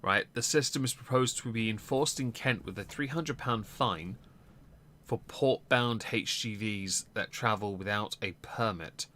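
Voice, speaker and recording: Bright-voiced rambling man. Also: on the low side, a little slow, slight background noise. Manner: rambling, many ums, blunt and sweary. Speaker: political stream host. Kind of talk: casual political commentary.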